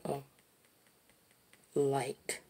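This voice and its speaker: A woman musing aloud while she draws, slow and reflective, sometimes dropping to a soft whisper. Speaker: artist narrating while drawing. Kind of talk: reflective casual monologue.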